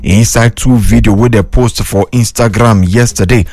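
A Nigerian man reading radio news with a Nigerian Pidgin accent, in a brisk, chatty newsreader style. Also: lowish voice, fairly even intonation, a little mellow, no room sound.

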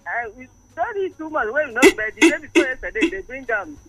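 A woman's voice: high-pitched, big pitch swings, brisk, creaky. A woman with a Nigerian Pidgin accent calling in to a radio show and chatting casually about power cuts. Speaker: caller. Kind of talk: casual call-in chat.

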